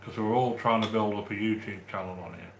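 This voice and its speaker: A man from the English Midlands with a Midlands accent, hosting a live stream and chatting warmly with viewers as he reads their comments, with frequent restarts. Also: fairly low pitch, fairly even intonation, a little fast, roomy sound, slight background noise. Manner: chatty and affectionate, with many restarts. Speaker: livestream host reading chat. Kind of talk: casual live-stream chat.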